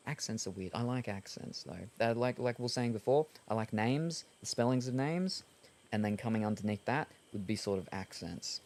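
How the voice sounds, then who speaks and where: A man's voice: fairly low pitch, expressive, normal speed, a little mellow. An Australian man chatting casually while streaming a game, rambling and hesitant with lots of ums and uhs. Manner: rambling, hesitant, many fillers. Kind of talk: casual chat while gaming.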